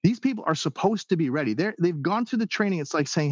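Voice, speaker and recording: A man preaching a sermon in an animated way, acting out the people's and God's words as he goes. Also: a little high, fast talker, breathy edge, dry recording, lo-fi sound. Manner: animated preaching, acts out quoted voices. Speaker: pastor.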